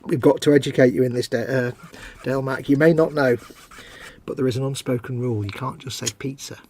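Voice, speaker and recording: A man's voice: mid-range voice, a little fast, a little mellow, a little hiss or hum. Joking man hosting a live stream. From United Kingdom. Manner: jokey, reads out chat messages. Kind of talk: casual live stream chat.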